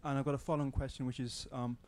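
A man from the audience addresses the panel politely and formally. He pauses with hesitant fillers as he asks. His pitch is ordinary. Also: level tone, a little mellow. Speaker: audience member asking a question. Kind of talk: audience question.

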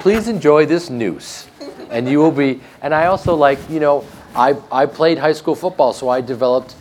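A man with a flat Midwestern American accent, a guest actor telling joking stories in a casual interview. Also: medium pitch, a little hiss or hum. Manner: joking, animated storytelling with laughs.

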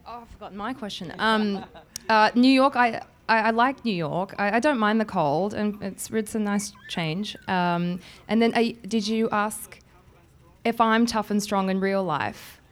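A woman's voice: mid-range voice, a little slow. A woman with a mid-range voice answers fans at a live panel. She is easygoing and a little bashful, often breaking into a giggle. Her answers wander casually. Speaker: actress on a panel. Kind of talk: answering audience questions.

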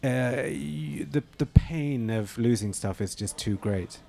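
A man's voice: medium pitch, takes it slowly, vocal fry, mellow. A middle-aged man, a novelist and screenwriter, answering interview questions thoughtfully, with frequent fillers and restarts.

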